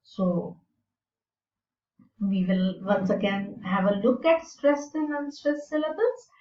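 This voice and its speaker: Slow, deliberate woman teaching from afar. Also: mid-range voice, lively intonation, darkish tone. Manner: slow, deliberate explanation with fillers. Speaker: English teacher. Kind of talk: recorded lecture. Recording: roomy and distant, dull sound.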